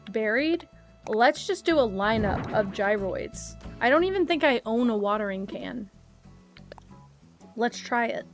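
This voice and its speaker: A woman streaming a video game, chatting casually and rambling to her viewers. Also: fairly high pitch. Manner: chatty, rambling, talks to chat. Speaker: live streamer. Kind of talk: casual live-stream chat while gaming.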